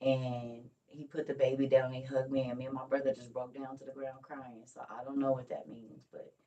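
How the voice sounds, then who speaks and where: Older woman, low voice a little off-mic, tired, chatty grandmother storyteller for a home vlog. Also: flat delivery, moderate pace, mellow, distant mic, lo-fi sound. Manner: chatty storytelling, Southern Black vernacular, calls viewers y'all and honey. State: tired and weak. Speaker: vlogger. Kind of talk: casual morning vlog chat.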